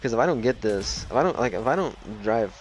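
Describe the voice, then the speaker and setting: A man's voice: medium pitch, animated, fairly quick, a little hiss or hum, low-quality recording. A man casually commenting over a game he plays, rambling with frequent swearing and fillers. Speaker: let's play commentator.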